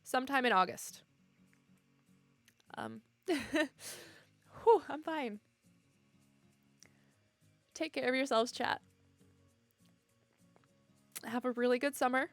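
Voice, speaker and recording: A young woman streamer talks straight to her chat in a casual, emotional goodbye, laughing often. Her voice sits a bit high. The mic is close and dry, with faint music underneath. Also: slow, long pauses, dry recording.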